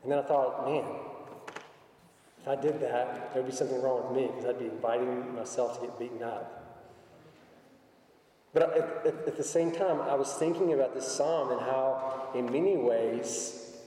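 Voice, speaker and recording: A man's voice: mid-range voice, normal speed, dark tone. A man preaching a conversational sermon, telling everyday stories to make his point. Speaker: pastor. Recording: echoey hall, voice from far off.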